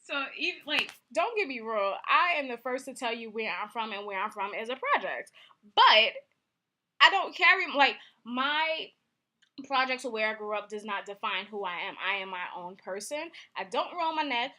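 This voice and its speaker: Young woman vlogging, bright sharp voice, kinda high, telling a story all animated. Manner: candid, animated storytelling with acted-out quotes. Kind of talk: casual storytime vlog.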